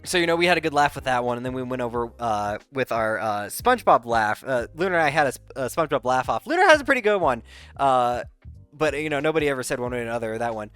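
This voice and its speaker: A man chats through a casual recap with a smooth, clear voice that swings around lively in pitch. He rambles, stumbles over restarts and fillers, and laughs easily. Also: fast talker, no echo. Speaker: content creator. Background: faint background music.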